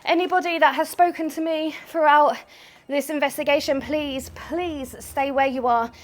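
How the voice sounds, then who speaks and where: A woman vlogging a ghost hunt in an abandoned house, talking to spirits, jumpy and swinging from hushed to loud. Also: high-pitched, fairly even intonation, moderate pace. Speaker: paranormal vlogger. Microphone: small mic on the camera.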